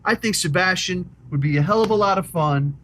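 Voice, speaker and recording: Middle-aged new guy rambling excitedly about rock bands, swears a lot, kinda high voice. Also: fairly quick, slight background noise. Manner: enthusiastic, rambling, swears casually. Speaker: podcast co-host. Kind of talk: casual chat about rock music.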